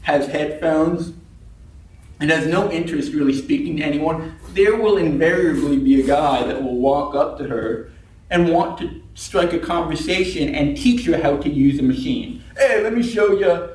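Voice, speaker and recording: In a meeting room at a speaking club, a man delivers a humorous prepared speech, telling wry stories and acting out the people he quotes. His voice is on the high side and a little mellow, at a moderate pace, heard from far off in an echoey room.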